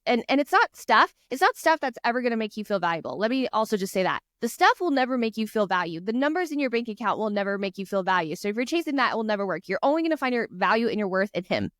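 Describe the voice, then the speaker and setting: Female guest, chatty and earnest, higher voice, dry close sound. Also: sing-song, fast, fairly bright tone, no echo. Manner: earnest, encouraging, chatty storytelling. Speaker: guest author. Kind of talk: casual podcast chat.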